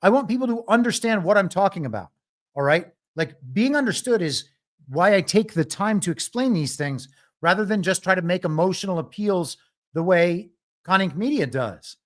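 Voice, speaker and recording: His voice sits high and sounds animated, moving at a normal pace. Alone on a live political show, he argues with a wry edge and keeps laughing at his own jokes.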